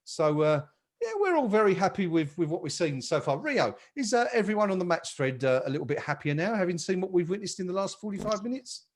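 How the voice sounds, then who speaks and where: A man's voice: high-pitched, very animated, brisk. A man hosting a live football chat stream, upbeat and reading out viewer comments. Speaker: podcast host.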